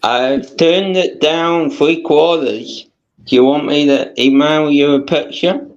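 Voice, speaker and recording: A man's voice: on the high side, slow pace, muffled recording. A man with a resonant voice, joking dryly on a casual call from his phone. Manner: dry, joking. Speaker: guest on a call. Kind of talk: casual chat.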